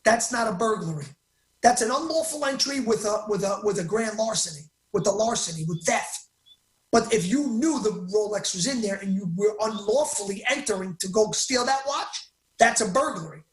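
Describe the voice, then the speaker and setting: A man as an interview guest, telling his story in an excitable, emphatic way and often cutting himself off mid-sentence. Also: high-pitched, moderate pace, roomy sound.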